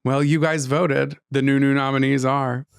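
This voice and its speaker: A man's voice: mid-range voice, little pitch movement, moderate pace, vocal fry. A young man co-hosting a casual podcast, announcing award categories in a playful, teasing way. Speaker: podcast co-host. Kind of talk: casual chat, handing out awards.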